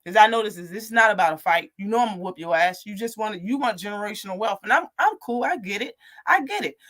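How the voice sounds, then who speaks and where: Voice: mid-range voice, lively intonation, fast talker, a bit bright. A live boxing talk show host ranting in a heated, profane, casual way.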